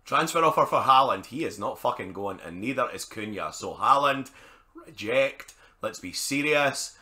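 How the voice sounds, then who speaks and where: A man's voice: on the low side, animated, normal speed, bright, forceful tone. A young Scottish man giving casual, blunt and sweary commentary while playing a football management game. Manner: blunt and sweary, chatty asides. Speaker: gaming YouTuber.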